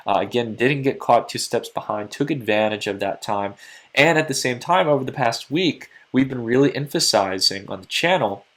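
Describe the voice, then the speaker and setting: Tired-sounding crypto market host. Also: male voice, mid-range voice, expressive, fairly bright tone. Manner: quick, earnest, talks straight to viewers. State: tired, late at night. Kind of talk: casual market commentary to camera.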